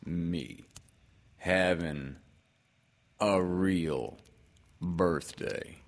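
A man voicing a gloomy old male donkey in a storybook reading, talking in a slow, mournful, drawn-out deadpan. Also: low voice, exaggerated voice.

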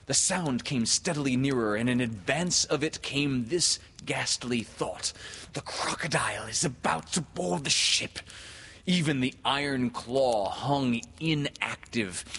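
A man reading a classic children's story aloud in a slow, hushed, dramatic manner, then thanking listeners. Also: medium pitch, a little hiss or hum.

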